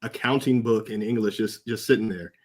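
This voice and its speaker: A man's voice: lowish voice, fairly even intonation, fairly quick. Enthusiastic podcast host, a man. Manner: enthusiastic, calls the guest "man". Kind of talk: casual interview chat.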